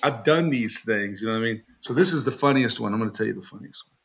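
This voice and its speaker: A man's voice: fairly low pitch, expressive, fast talker, gravelly. A man talking casually on a podcast as a knifemaker guest, telling joking stories and often laughing, and putting on raised voices when he quotes people.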